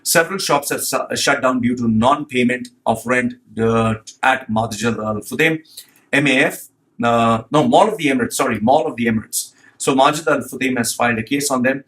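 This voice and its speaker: A man's voice: medium pitch, normal speed, fairly bright tone. A man hosting a commentary vlog as a resume consultant, blunt and profane as he rants.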